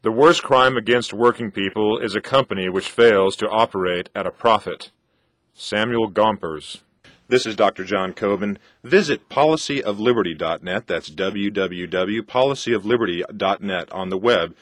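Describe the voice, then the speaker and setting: Low-voiced man reading a promo. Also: normal speed, fairly bright tone, dry recording. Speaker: radio show host. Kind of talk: scripted promotional read.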